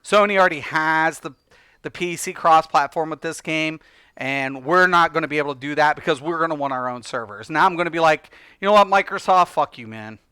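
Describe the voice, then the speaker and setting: A man's voice: a little high, brisk, bright, forceful tone, clear, resonant tone, dry recording. A man ranting on a casual livestream, heated and profane, laughing between points.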